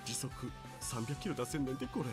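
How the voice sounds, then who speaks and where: A man's voice: medium pitch, rapid-fire, natural voice. An actor voicing a brash, flashy young man with a thick Kawachi Kansai drawl, pushy and boastful. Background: game music.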